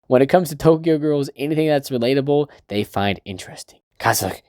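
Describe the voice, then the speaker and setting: A man casually recapping a manga chapter, swearing freely and laughing as he reads out lines in quick put-on voices. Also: mid-range voice, a little mellow, clean tone, no room sound, clean studio sound. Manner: loose, profane, laughing, puts on character voices. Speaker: manga reviewer.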